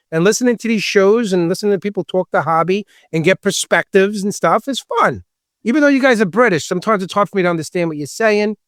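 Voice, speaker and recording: A man with a Long Island New York accent and a loud, distinctive voice, joking and chatting as a podcast host. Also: high voice, no room sound, studio quality. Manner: animated, joking, talkative. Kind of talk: casual podcast chat.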